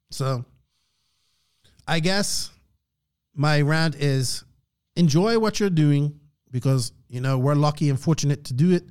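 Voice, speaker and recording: Podcast host, male, fairly high voice, preachy motivational rant with frequent throat clearing. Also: takes it slowly, long pauses, a little mellow.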